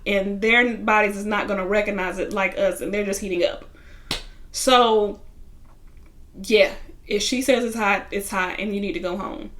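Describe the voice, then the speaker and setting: A woman talks through a reality TV episode in a loose, chatty recap, with a bright, forward tone. She opens new points with louder, punchy restarts. She sometimes slips into the people she describes, retelling what they said. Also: on the high side. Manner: chatty storyteller, retelling scenes in quoted voices. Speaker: reality TV reviewer. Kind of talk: casual recap commentary.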